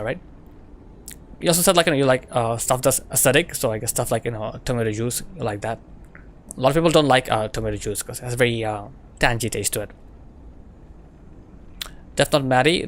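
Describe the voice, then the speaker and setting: A man streams a game and chats with his viewers. His voice sits at an ordinary middle pitch. He rambles, repeats phrases and fills the gaps with filler words. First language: French. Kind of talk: casual stream chat with viewers.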